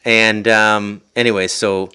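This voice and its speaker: Rambling Ottawa Valley Canadian man, bright-toned. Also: fairly low pitch, little pitch movement, takes it slowly, clear, resonant tone. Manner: rambling, self-interrupting, prone to tangents. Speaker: podcast host. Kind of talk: rambling casual livestream talk. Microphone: podcast mic.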